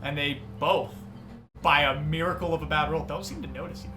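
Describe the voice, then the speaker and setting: A young man narrating as game master, describing scenes in an animated, rambling way with many fillers. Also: fairly high pitch, fairly quick. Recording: music under the voice.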